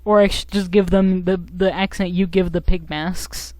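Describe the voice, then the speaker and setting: A woman's voice: lowish voice, level tone, normal speed, dark tone, dry recording. A young woman streaming a video game, chatting casually with goofy, giggly, self-mocking commentary.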